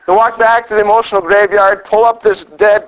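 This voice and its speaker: High-voiced animated male preacher. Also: a little fast, poor audio. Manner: animated storytelling, acts out quoted lines. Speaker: pastor. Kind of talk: sermon.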